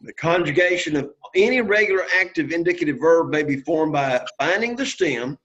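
A man's voice: fairly high pitch, lively intonation, fairly quick, few pauses, a bit bright. Encouraging man teaching a class. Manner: encouraging, quizzes students, frequent "okay?" and "right?" checks. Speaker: Greek teacher. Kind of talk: classroom lecture. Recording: lo-fi classroom recording.

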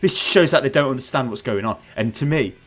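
A man's voice: mid-range voice, lively intonation, fairly quick, fairly bright tone, slightly rough. Man ranting sarcastically. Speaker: gaming podcast host. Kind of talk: casual ranting chat. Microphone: headset on voice chat.

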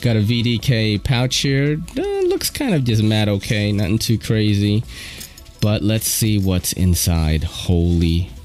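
Hyped-up dude unboxing stuff at home, voice bouncing all over, bit of music in back. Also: male voice, lowish voice, a little slow. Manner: slangy, excitable, loud exclamations. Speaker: channel host reviewing knives. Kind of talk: casual unboxing chat. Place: at home at a table.

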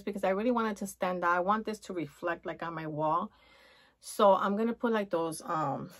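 A woman chatting excitedly and gushing as she shows off a shopping haul in a casual vlog. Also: mid-range voice. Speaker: haul vlogger.

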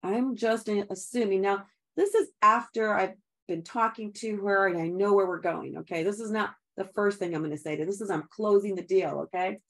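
A middle-aged woman coaching a sales team in an upbeat, chatty way. She is encouraging, laughs easily and keeps calling her listeners guys. Her voice sits at an ordinary middle pitch for a woman. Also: moderate pace. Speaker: direct sales trainer. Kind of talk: upbeat sales training talk.

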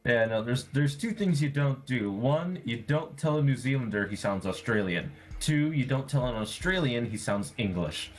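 This man joins a gaming chat with a mid-pitched voice and a joking manner. He trades mock-tough banter with his friends. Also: animated, normal speed, hardly any pauses. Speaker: gamer. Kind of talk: casual chat while gaming.

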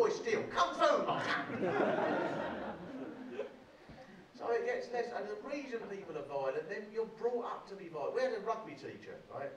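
A man's voice: sits high, noisy background. Man doing stand-up in a roomy club. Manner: chatty storytelling, acting out voices. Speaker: stand-up comedian. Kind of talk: stand-up comedy. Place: comedy club on stage. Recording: roomy live club recording from a distance, crowd.

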